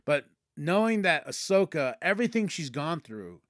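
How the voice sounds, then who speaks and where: Excitable man recapping a show. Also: a little high, moderate pace, no room sound, studio quality. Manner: excitable, acts out characters' lines mid-story. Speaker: podcast host. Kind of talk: casual episode recap.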